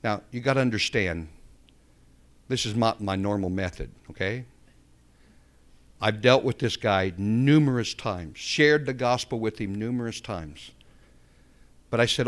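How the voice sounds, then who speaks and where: A man's voice: medium pitch, unhurried, fairly bright tone. A man preaching a sermon, telling a story and then building to fervent emphasis. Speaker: pastor.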